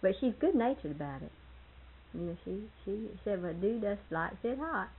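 Older woman, husky, chatty storyteller, laughs a lot, tinny old phone-line sound. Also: medium pitch, expressive, moderate pace. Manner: laughs often while telling stories. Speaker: storyteller in family history interview. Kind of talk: casual reminiscing.

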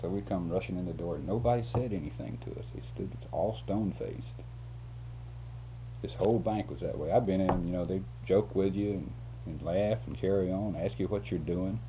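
A man's voice: low-pitched, a little fast. A man telling a long story in a casual, rambling way. He chuckles often and restarts words. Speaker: interviewee telling a work story. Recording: phone-like lo-fi tape with faint hum.

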